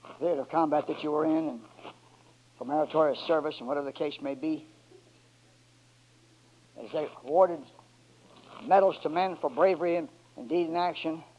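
A high-voiced man preaches a sermon, dropping low and quiet and then climbing to loud, stretched-out shouts. The recording sounds dull and lo-fi. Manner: drawn-out emphatic words in call and response.

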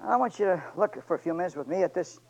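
High-voiced preacher man, shouting and hushed. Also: expressive, quick pace, vocal fry, muffled recording. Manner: swings from shouting to quiet, joking asides. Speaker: pastor. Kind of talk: sermon. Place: church sanctuary.

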